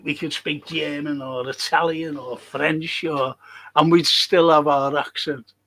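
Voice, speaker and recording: A man's voice: on the high side, steady tone, measured pace, a bit bright, rough recording. An older man, co-hosting a casual chat and telling long rambling anecdotes. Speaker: co-host.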